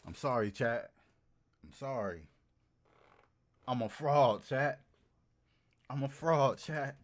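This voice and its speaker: A man casually chatting to his livestream audience, animated and slangy, repeating phrases for emphasis. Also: medium pitch, takes it slowly. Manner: slangy and profane. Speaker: streamer.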